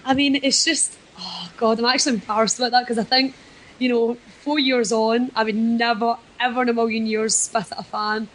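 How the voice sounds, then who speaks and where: A woman's voice: a little high, little pitch movement, brisk, poor audio. A Scottish woman, a wrestler guest, chatting casually and self-deprecatingly in a podcast interview. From Scotland.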